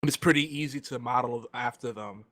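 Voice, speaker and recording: A man talking casually as a guest on a round-table gaming show while eating, his talk rambling and relaxed. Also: mid-range voice, a little fast. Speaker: guest panelist.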